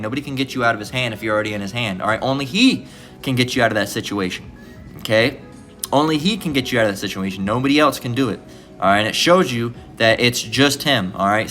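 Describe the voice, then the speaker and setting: A man's voice: medium pitch, brisk, fairly bright tone, soft background music. Profane, rambling man preaching scripture. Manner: rambling, profane, repeats "all right?". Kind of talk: informal scripture lesson.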